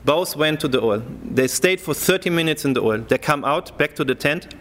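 A rabbi with a slightly high voice spins a story for his listeners, slipping into the voices of the people in it. His voice rings out with a long reverb, as in a large hall. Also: moderate pace. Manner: animated storyteller who acts out the people he quotes. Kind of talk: storytelling talk to an audience.

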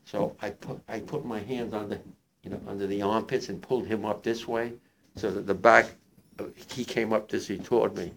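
An older man, a war veteran, gives spoken testimony to young listeners, halting and emotional with many restarts. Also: lowish voice, steady tone, creaky, a little hiss or hum.

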